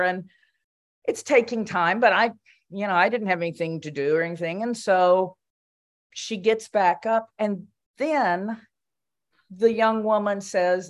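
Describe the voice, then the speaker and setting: An older woman, a commission member, giving a spoken reflection at a meeting in a conversational storytelling way, with fillers and restarts. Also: mid-range voice.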